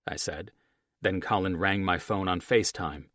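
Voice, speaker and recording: A male audiobook narrator reading in first person with a wry, profane, lively storytelling manner. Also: deep voice, moderate pace, no room sound, studio quality.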